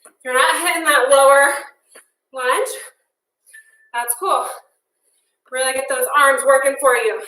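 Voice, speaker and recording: Casting note: winded woman cardio instructor, high voice, counts reps. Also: sharp tone. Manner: encouraging, casual, counts down reps. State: out of breath. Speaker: fitness instructor. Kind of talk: guided workout class instruction. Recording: echoey room, mic at a distance.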